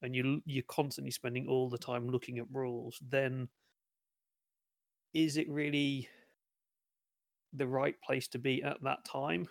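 A man's voice: mid-range voice, little pitch movement, unhurried, creaky, long pauses, no echo. A man on a casual podcast about tabletop games, giving emphatic advice with a dry sense of humor.

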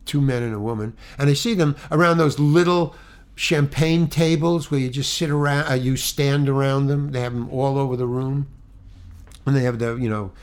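A man at a medium, ordinary pitch recounts a story, stumbling and restarting as he goes. His telling is animated, jumping between loud outbursts and quiet, confiding asides. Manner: animated, halting, many restarts and repeats. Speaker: actor. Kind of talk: anecdotal storytelling.

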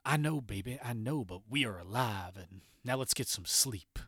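A man imitating a drunk man who calmly placates his angry partner in a low, soothing voice. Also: measured pace, no echo, clean studio sound. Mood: placating.

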